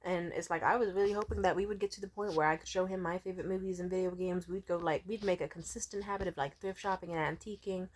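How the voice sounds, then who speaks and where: A woman telling a story straight to her camera in a loose, rambling way. She swears freely and leans on "like" at every turn. Her voice sits a little low for a woman. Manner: profane, rambling, many "like" fillers. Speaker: vlogger. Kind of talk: casual storytime rant.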